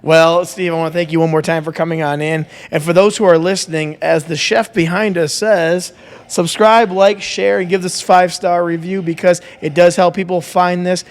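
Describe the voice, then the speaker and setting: A man hosting a podcast, telling anecdotes in an easygoing, animated way and thanking his guest. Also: high-pitched, normal speed. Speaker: podcast host. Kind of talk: casual interview.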